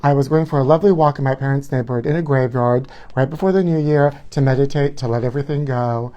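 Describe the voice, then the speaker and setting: A man with a warm, medium-pitched voice talks fast, with lo-fi sound. He's hosting a live gossip show alone, campy and sassy, filming himself on his phone camera. It's a solo livestream chat.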